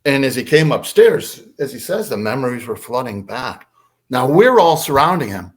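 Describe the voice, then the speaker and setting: A man, a podcast guest, telling a story in a lively way and acting out quotes. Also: moderate pace. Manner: lively, acts out quotes with big pitch swings. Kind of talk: animated storytelling.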